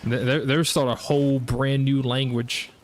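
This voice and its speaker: A young man with a Southern US accent talks his way through a game livestream. His pitch sits in an ordinary middle range, and he drifts from one thought to the next in a loose, chatty way, speaking straight to his viewers. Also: little pitch movement, normal speed, slight background noise. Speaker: gaming streamer. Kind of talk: casual livestream commentary.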